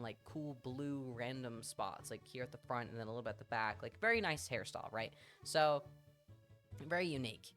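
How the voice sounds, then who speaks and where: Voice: mid-range voice, fairly bright tone. A streamer telling a story in casual chat on a live stream, chatty and swearing freely.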